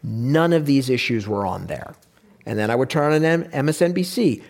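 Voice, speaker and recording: A man talking in a casual discussion, animated and wry, who sometimes slips into mock voices to make a point. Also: medium pitch, normal speed, gravelly.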